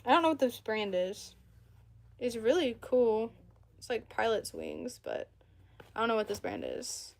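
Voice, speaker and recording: A woman's voice: a little high, big pitch swings, measured pace, gravelly, long pauses. An eighteen-year-old woman chatting casually on a livestream, rambling between topics and answering viewers' comments.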